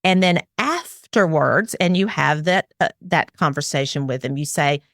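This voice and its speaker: A woman's voice: sits low, expressive, moderate pace, few pauses, a bit bright, no room sound, clean studio sound. Earnest middle-aged woman giving parenting advice. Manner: earnest and explanatory, acts out parent and child lines. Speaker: parenting expert guest.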